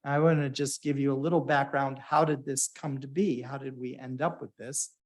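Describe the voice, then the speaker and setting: A man's voice: mid-range voice, fairly even intonation, normal speed. Chatty man moderating a conference. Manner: chatty storytelling with fillers, playful quoted voices. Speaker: meeting organizer and moderator. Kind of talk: conference talk to a live audience. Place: hybrid conference meeting room.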